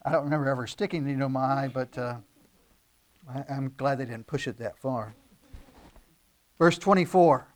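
A man's voice: medium pitch, moderate pace, long pauses. A man preaching a verse-by-verse sermon, earnest and teaching, pushing key phrases with emphatic rises and using frequent fillers. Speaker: pastor.

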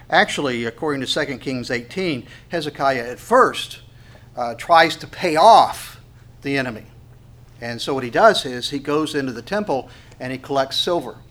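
A man's voice: medium pitch, a bit bright. A male pastor giving a conversational Bible teaching, full of fillers and restarts, with wry asides and sharper emphatic bursts on key points.

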